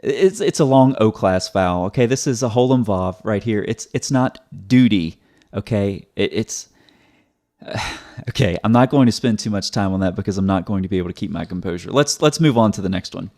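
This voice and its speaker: A man's voice: on the low side, moderate pace, darkish tone. A man hosting a video commentary, explaining step by step in a methodical, sarcastic way, often repeating words.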